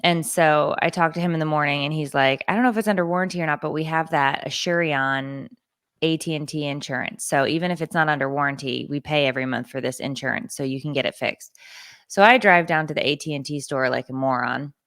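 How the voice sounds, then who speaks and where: A woman in her thirties tells a story on a podcast with biting sarcasm and plenty of swearing, slipping into other people's voices as she goes. Her voice sits a little low, and the close, dry studio sound has no room echo. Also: quick pace, a bit bright. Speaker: podcast co-host. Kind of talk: casual storytelling chat.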